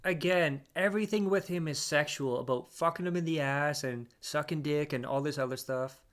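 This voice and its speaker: Guy with a slightly high voice narrating mocking commentary, crude and blunt. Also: normal speed, fairly bright tone. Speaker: reaction channel host.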